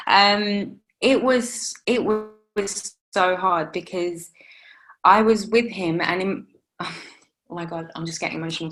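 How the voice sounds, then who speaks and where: A young woman in an interview, telling her own story in a halting way with many restarts. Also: fairly low pitch, a bit bright. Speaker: interview guest, new mother. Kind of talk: emotional personal interview.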